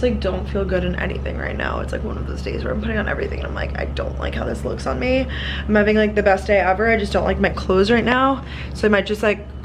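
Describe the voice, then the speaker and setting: Young female vlogger, chatty and excitable, talks to camera at arm's length. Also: mid-range voice, rough recording. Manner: chatty, lots of likes, easily excited. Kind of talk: casual chat to camera. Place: apartment and hotel room, indoors.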